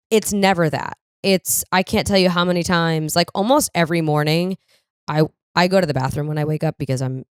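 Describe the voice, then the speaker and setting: A woman's voice: low-pitched, smooth, dry recording, clean studio sound. A young woman hosting a solo podcast, ranting with lots of swearing and self-deprecating humor. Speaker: podcast host. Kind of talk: solo comedic podcast monologue.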